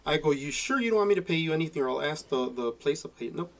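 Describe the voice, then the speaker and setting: A man's voice: a little high, fast, vocal fry, far from the mic. A man telling stories in a casual podcast chat, acting out what people said and laughing through the punchlines. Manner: animated, laughing storyteller who acts out quotes. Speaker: podcast guest, former radio mix show host.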